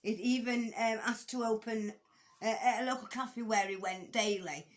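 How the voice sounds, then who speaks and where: A woman's voice: fairly high pitch, steady tone, moderate pace. A woman commenting casually on a court case, with frequent ums, restarts and blunt, conversational swearing. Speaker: true-crime commentator.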